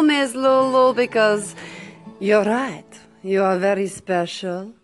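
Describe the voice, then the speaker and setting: Lady doing a fake russian radio host, slow drawl, cooing pet names, faint music under it. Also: mid-range voice, lightly acted. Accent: mock Russian. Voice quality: theatrical, coos pet names, swoops between purring and shouting. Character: brash, flirty Russian woman radio host. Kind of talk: comic character radio show.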